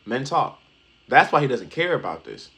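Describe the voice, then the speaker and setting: A man's voice: medium pitch, very animated, normal speed, creaky, bright, forceful tone. A man hosting a reaction video, talking casually in street slang with emphatic stops and restarts.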